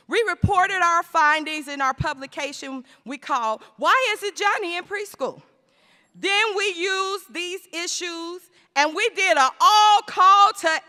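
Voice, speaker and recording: A woman giving a plenary speech at a conference, rhetorical and emphatic, slowing down to stress key phrases. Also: extremely high pitch, pushed and bright. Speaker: conference speaker. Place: large conference hall. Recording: reverberant hall.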